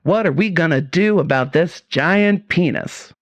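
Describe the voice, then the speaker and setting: A woman voicing a blustering middle-aged male army colonel who speaks slowly and pompously. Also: low-pitched, expressive, no room sound. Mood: commanding. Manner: slow, commanding.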